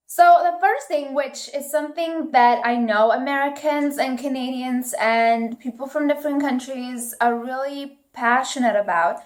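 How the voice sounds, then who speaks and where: A young woman from northeast Italy with an Italian accent, chatting casually to camera with lots of ums. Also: high voice. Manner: chatty, many ums and restarts. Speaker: vlogger.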